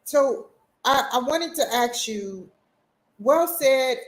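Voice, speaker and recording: A woman's voice: sits high, animated, slow, reverberant, poor audio. A woman hosting an interview, talking in a casual, conversational way. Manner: casual, conversational, with fillers like "you know". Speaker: talk show host.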